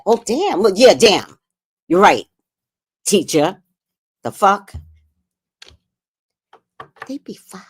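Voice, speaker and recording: A middle-aged woman and grandmother hosting a casual livestream chat, talking bluntly with profanity and telling family stories. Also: medium pitch. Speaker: livestream host.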